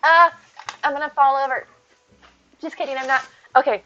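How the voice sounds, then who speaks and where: A woman's voice: sits high, a little fast, long pauses, bright, forceful tone. A woman live-streaming from home, chatting casually and upbeat with her viewers and thanking them as she plays. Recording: dull lo-fi stream audio.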